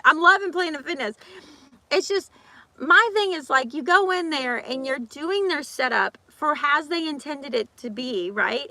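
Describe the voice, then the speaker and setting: A woman's voice: high-pitched, vocal fry, bright, forceful tone, no echo. A woman vlogger in casual chat, ranting animatedly with lots of repeats and acted-out quotes. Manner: talks fast with restarts and repeats.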